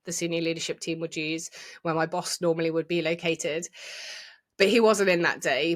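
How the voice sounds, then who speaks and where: Reflective middle-aged woman, slightly low pitch, candid storytelling guest. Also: a bit bright. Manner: open, reflective, with restarts and acted quotes. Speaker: guest sharing her experience.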